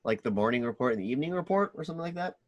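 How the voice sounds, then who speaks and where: A man's voice: mid-range voice, expressive, no room sound, highs cut off. Podcast co-host, male, rambling recap voice, dry close recording. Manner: rambling, acts out scenes in quick voices. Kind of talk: casual chat recapping a movie.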